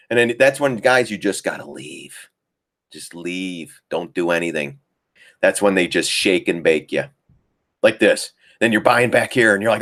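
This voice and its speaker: A man's voice: lowish voice, expressive, moderate pace, vocal fry, a bit bright. A man hosting a live trading stream, chatting casually about charts, laughing often and mimicking panicked traders. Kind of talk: casual live market commentary.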